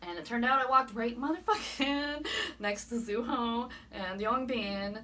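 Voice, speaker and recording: A woman's voice: fairly high pitch, a little slow, bright, forceful tone, recorded from a distance. A young woman recapping a fan meet in a vlog, gushing, swearing a lot and laughing often. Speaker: vlogger.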